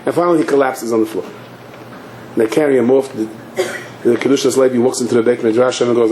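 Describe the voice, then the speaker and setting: With a mid-range voice, a rabbi performs a sermon story at speed, animated and acting out every part. His words reverberate in an echoey hall, backed by a faint hiss.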